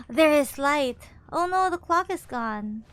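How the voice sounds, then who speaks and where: A woman's voice: sits high, lively intonation, slow pace, a bit bright, a little hiss or hum. A woman streaming a game, chatting playfully in a childlike way and repeating phrases. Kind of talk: live game commentary.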